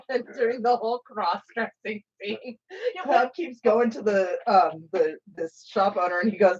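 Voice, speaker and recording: A woman's voice: medium pitch, unhurried, husky. Playful woman in casual banter. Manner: playful, recounts jokes. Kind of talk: casual chat. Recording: lo-fi home stream audio.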